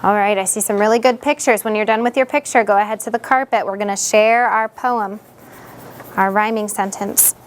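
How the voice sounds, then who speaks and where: A woman's voice: mid-range voice, steady tone, brisk, a little hiss or hum. A woman teaching young students in a classroom, leading them patiently with repeated questions.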